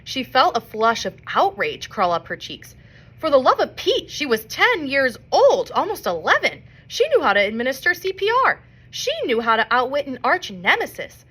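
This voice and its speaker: A woman reading a children's novel aloud in an expressive storybook manner. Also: high-pitched, moderate pace, slightly rough. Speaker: reader.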